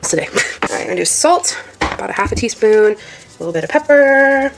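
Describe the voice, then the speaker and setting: A woman vlogging casually on a phone while cooking, chatty and excitable with many fillers. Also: a little high, fairly quick, over music. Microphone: phone camera.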